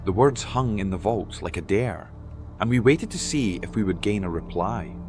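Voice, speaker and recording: A man's voice: lowish voice, animated, moderate pace, music in the background. A man reading scripted documentary narration in a dramatic, suspenseful way.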